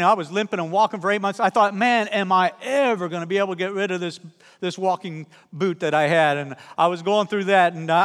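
A man's voice: high voice, long reverb tail. A middle-aged male pastor preaching a sermon, telling personal stories with humor and acting out the people in them. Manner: animated, humorous, acts out the people in his stories. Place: church sanctuary.

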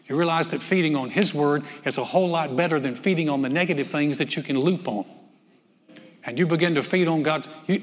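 A man's voice: fairly high pitch, long reverb tail. A male pastor preaching a conversational sermon, often repeating words and asking the congregation questions.

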